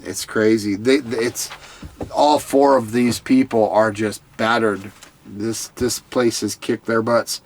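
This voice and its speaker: A man's voice: on the low side, steady tone, slow pace, slight background noise. A man giving a casual recap of a TV episode, in an earnest, heartfelt way that sometimes stumbles over repeated words. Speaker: TV show commentator.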